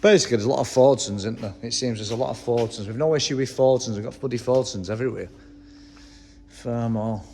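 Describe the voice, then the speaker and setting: A fast-talking man from England with a mid-range, slightly mellow voice gives casual commentary while walking around a tractor museum. He reads the labels out loud and swears freely, and the hall sounds reverberant with faint ambience.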